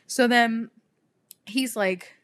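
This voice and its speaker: A young woman co-hosting a podcast, telling a story in casual chat, animated, swearing freely and laughing often. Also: fairly high pitch, very slow. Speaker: podcast co-host.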